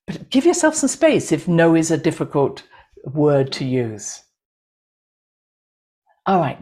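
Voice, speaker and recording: Low-voiced woman giving an animated talk. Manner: animated, acts out inner voices with laughs. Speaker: speaker on intuition and astrology. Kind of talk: talk to an audience.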